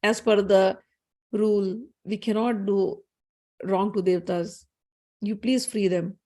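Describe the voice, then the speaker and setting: A woman voicing an older male guru who speaks firmly and in a measured way. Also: mid-range voice, fairly even intonation, dark tone, natural voice. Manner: firm, measured. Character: older male guru, firm and rule-bound.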